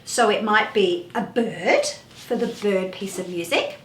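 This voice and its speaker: A woman's voice: mid-range voice, lively intonation, a little slow, reverberant, slight background noise. A woman hosting a children's music class, asking playful questions in a sing-song way.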